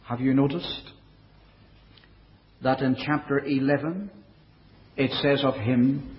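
A man preaching a sermon in a measured way, dropping his voice low and soft for quoted verses. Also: a little hiss or hum. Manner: measured preaching, quoting scripture in older English. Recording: dull, lo-fi recording.

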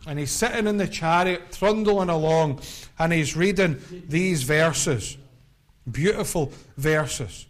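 A man's voice: fairly high pitch, slow pace. A middle-aged man preaching an evangelistic sermon, building his points through impassioned, repetitive cadences.

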